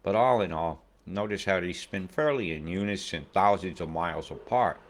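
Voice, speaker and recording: A man's voice: sits low, normal speed, slight background noise. A man giving casual weather commentary over satellite images, rambling, profane and conspiratorial.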